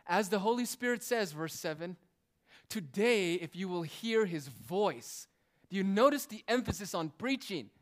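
Emphatic preacher swinging loud to hushed. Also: male voice, high-pitched. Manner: emphatic, rhetorical questions, shifts between loud and hushed delivery; casual asides in expository preaching. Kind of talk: sermon.

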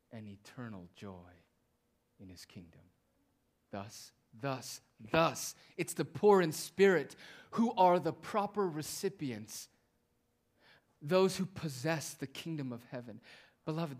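Preacher man, hushed to booming. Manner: swings between hushed, drawn-out phrases and loud emphatic declarations. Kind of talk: sermon.

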